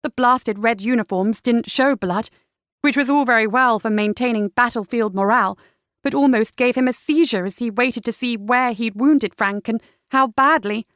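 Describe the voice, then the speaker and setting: A woman's voice: on the high side, normal speed, fairly bright tone, dry recording. Woman narrating an audiobook, dry and close. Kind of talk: scripted narration.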